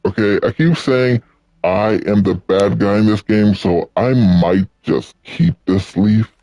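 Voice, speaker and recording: A man's voice: on the low side, slow pace, dark tone, no room sound, muffled recording. A man giving joking, casual commentary while playing a video game. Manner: joking, laughs at himself. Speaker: let's play gamer.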